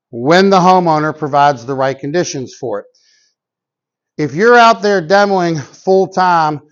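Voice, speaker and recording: A man explains a sales close in a folksy, plain-spoken way, stopping to act out what a couple would say. His voice sits high for a man. The recording sounds dull and lo-fi. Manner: folksy, plain-spoken, acts out customer dialogue. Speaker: sales trainer. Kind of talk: instructional talk to salespeople.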